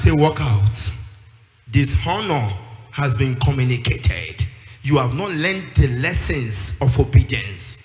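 A man preaches a sermon with emphasis, acting out the voices of those he quotes and rising into a sing-song delivery. His voice is a little high and he speaks a little slowly. The hall is echoey, with music behind him.

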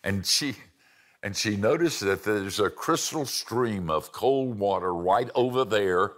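A man's voice: on the low side, slow pace, fairly bright tone. An older man preaching a sermon with folksy, self-deprecating humor and storytelling. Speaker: pastor and seminary teacher.

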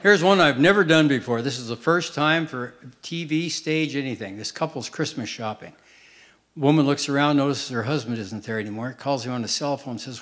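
A man performing a stand-up comedy routine on a stage, telling short jokes and dropping punchlines in a deadpan way. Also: mid-range voice, normal speed. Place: theater stage with live audience. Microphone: stage microphone.

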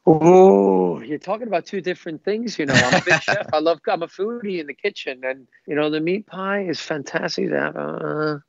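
A man's voice: fairly high pitch, normal speed, gravelly, few pauses, no echo. A middle-aged man from the United States, talking as a guest in an upbeat, rambling way. The sound is dry and a touch dull, like a remote call. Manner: enthusiastic, rambling anecdotes. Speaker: guest, former professional footballer. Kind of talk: casual interview chat.

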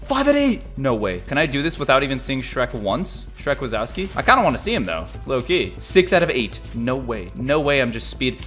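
A young man hosting a gaming video, giving excited play-by-play that jumps between low mutters and sudden yelps and shouts. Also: fairly quick, few pauses, soft background music. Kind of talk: excited gameplay commentary.

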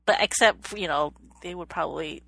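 A woman co-hosting a podcast, chatting casually in a slightly low voice. She hesitates, restarts and repeats her words, and laughs often. The sound is dry and close, with no room echo. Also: moderate pace, creaky, fairly bright tone. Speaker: podcast co-host. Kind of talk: casual chat.

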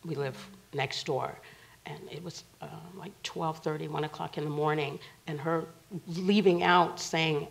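A woman guest on a TV talk show, retelling events in a casual and vivid way. Her voice is low with a gravelly, creaky texture. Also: steady tone, a little slow, low-quality recording. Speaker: guest, bereaved mother. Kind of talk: personal storytelling in a TV interview.

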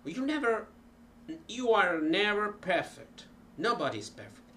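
A man teaching languages in an unhurried, hesitant way, demonstrating phrases aloud. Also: high-pitched, big pitch swings, sharp tone, a little hiss or hum. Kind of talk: informal language lesson.

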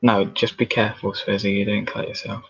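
A man's voice: fairly low pitch, little pitch movement, brisk, creaky, breathy edge, muffled recording. A man co-hosting a casual cooking vlog, teasing and laughing along with his partner. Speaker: co-host. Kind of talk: casual chat.

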